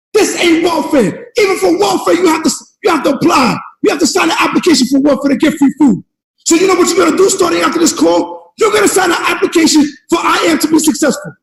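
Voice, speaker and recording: A man with a very high, gravelly voice delivers a motivational speech to a team call, shouting and hammering home each point through repetition. His voice rings out in an echoey room with a long reverb tail. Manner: shouting, fired-up preacher-like delivery. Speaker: network marketing leader.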